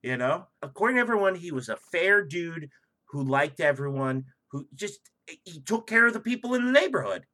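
A man co-hosting a comedy podcast, telling a story loudly and profanely in casual chat. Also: on the high side, normal speed. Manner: profane, loud and animated storytelling. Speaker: podcast co-host.

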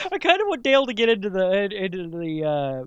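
A man co-hosting a podcast in casual chat, playful and quick to laugh. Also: high-pitched, clean tone, no echo, highs cut off. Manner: giggly, animated, playful. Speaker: podcast co-host.

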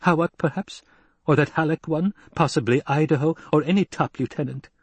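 A man's voice: a little high, a little fast, husky, dry recording, voice pushed up. A man voicing a silky, scheming male advisor who hesitates and defers to his lord. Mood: deferential.

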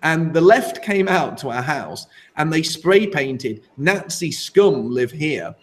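A man co-hosting a casual talk show, emphatic and animated, often laughing. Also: fairly high pitch, slow pace, a little hiss or hum. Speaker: co-host.

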